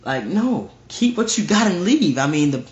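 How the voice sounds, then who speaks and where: A Bible teacher leads a casual verse-by-verse Bible study, reading scripture aloud and repeating his points with emphasis. His high-pitched voice is very animated at normal speed, in a roomy, dull lo-fi recording.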